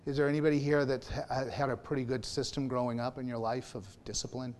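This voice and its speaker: A man's voice: medium pitch, little pitch movement, fast, darkish tone. A man preaching a sermon to his congregation in a conversational way, asking them questions as he goes. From Anglican family background. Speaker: minister.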